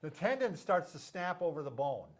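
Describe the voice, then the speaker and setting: A man's voice: a little high, big pitch swings, normal speed. A middle-aged man who is a physical therapist, hosting a casual, joking explainer and tripping over medical terms. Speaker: physical therapist, show host.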